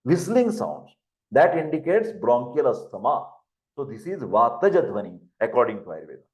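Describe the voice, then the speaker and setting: A man's voice: mid-range voice, big pitch swings, moderate pace. An older man with an Indian English accent, giving a lecture, who repeats terms and spells words out for dictation. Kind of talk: classroom lecture. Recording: echoey room.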